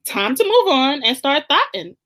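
A playful woman speaking teases the characters as she recaps a TV show. Her voice is high and bright and rises and falls freely. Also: big pitch swings, normal speed, gravelly. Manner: playful, teasing. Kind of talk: casual chat recapping a TV show.

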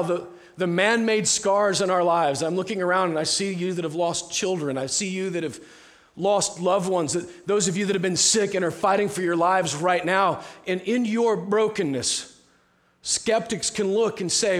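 Hombre predicando en tono conversacional. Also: male voice, high voice, moderate pace. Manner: conversational preaching, dropping to soft hushed tones. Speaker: pastor. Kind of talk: sermon. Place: church sanctuary.

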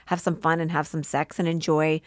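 A woman's voice: low voice, little pitch movement, a little fast, no echo, studio quality. A woman speaking as a podcast guest, heartfelt and open, sometimes tearful and often laughing as she talks. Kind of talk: emotional interview conversation.

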